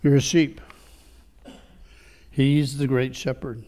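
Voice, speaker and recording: A male pastor preaching a sermon, using many rhetorical questions and swinging between quiet reflection and rising fervor. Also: medium pitch, level tone, slow pace.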